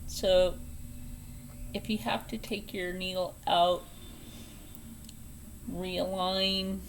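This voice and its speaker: A woman hosting a casual step-by-step sewing tutorial, chatty and playful, dropping into soft whispered asides as she works at a home sewing table. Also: fairly low pitch, level tone, extremely slow, slight background noise. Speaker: sewing channel host.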